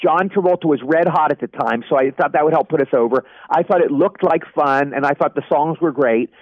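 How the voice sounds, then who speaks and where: Older guy rattling off stories quick, a bit high voiced, dry dull audio. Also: dry recording. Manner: animated anecdote teller, acts out quoted voices. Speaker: interview guest, actor. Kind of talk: storytelling in a casual interview.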